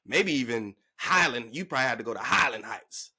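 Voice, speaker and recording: A man ranting to camera in a sports vlog, emphatic and slangy, his pitch jumping up when he gets worked up. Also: lively intonation, fairly quick, sharp tone, husky. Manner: emphatic, slangy, calling the listener "bruh" and "big dog". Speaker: sports vlogger.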